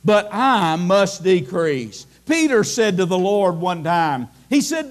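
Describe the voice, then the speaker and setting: Older preacher, high voice. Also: male voice, very animated. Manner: folksy, emphatic preaching with drawn-out stresses. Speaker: pastor. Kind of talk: sermon. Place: church.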